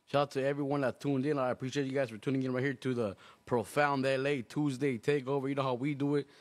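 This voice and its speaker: A man hosting an online radio show in casual chat, laid-back, laughing often and giving shout-outs. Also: mid-range voice, flat delivery, fast talker. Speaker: show host.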